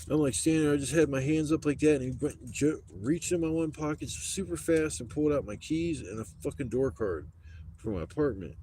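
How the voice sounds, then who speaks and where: A man's voice: on the high side, a little fast, dark tone, slight background noise. A man on a live stream telling a story in casual talk, rambling and swearing a lot.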